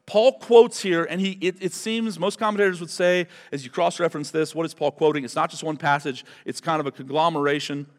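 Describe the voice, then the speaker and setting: A man's voice: on the high side, steady tone, fairly quick, few pauses, in a large hall. A man preaching a verse-by-verse sermon as pastor, talking in a conversational, emphatic way and repeating words for stress. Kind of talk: expository sermon.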